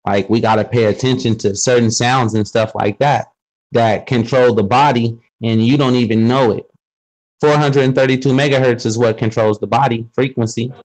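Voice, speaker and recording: Brief: man, middle pitch, relaxed slangy explainer in a casual group talk. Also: moderate pace, rough recording. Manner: explains with questions and street slang. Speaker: speaker in a group discussion. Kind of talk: casual conversational monologue.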